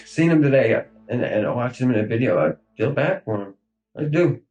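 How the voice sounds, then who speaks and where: A man in his thirties speaking in a recorded police interview, halting and grief-stricken, with many fillers and trailing pauses. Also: medium pitch, big pitch swings, darkish tone, soft background music, rough recording. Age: 30s.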